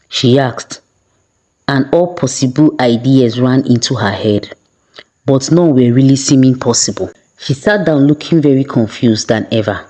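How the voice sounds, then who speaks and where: A woman's voice: rumbling low, warm tone, rough recording. Woman steadily narrating a folktale. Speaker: storyteller.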